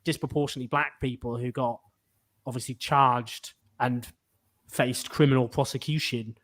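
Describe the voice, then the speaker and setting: A man's voice: medium pitch, fairly even intonation, moderate pace, a bit bright. A man hosting a political chat show, talking in an exasperated, rambling way with many restarts. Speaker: podcast host.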